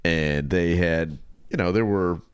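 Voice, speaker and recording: A man's voice: sits low, measured pace, clear, resonant tone, dry recording. A man co-hosting a casual comedy podcast, joking and laughing often as he chats. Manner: jokey, laughs often, restarts. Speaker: podcast co-host. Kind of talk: casual chat.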